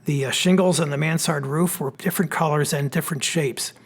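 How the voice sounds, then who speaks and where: A man with a Pennsylvania accent, an architect giving a relaxed, explanatory slide lecture with plenty of fillers. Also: a little high, brisk, husky. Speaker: architect giving a history talk. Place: church hall.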